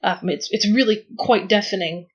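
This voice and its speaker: A woman playing a tabletop game, describing her character's actions slowly and hesitantly. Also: medium pitch, husky, highs cut off. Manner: slow, hesitant, with restarts. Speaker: player.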